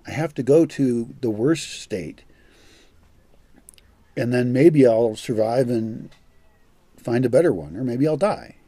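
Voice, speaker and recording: A man's voice: mid-range voice, slow, long pauses, dark tone, dry recording. An older man giving a blunt, profane monologue as a vlogger, scornful and direct. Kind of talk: ranting monologue.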